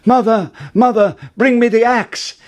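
A man voicing an eager young boy in a storybook, calling out excitedly. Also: extremely high pitch, measured pace, voice pushed up. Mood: urgent.

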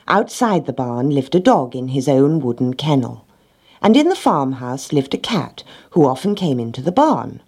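A woman reading a children's story aloud in a gentle, expressive way. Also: a bass voice, slightly rough.

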